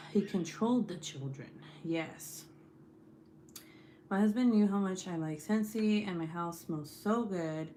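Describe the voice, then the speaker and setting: A woman's voice: mid-range voice, slow, dark tone, a little hiss or hum. A young woman hosting a casual livestream, chatty and profane, leaning on lots of "like" fillers. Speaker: YouTube host.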